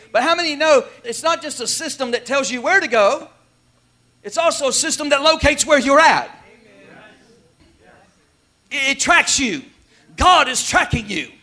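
A male pastor preaching a sermon in a folksy, emphatic way, shouting at the peaks and dropping quiet elsewhere. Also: extremely high pitch.

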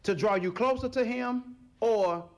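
Speaking a little slowly in a high voice, a male pastor delivers a sermon in church. He performs small scenes with animated character voices and engages the congregation through call-and-response.

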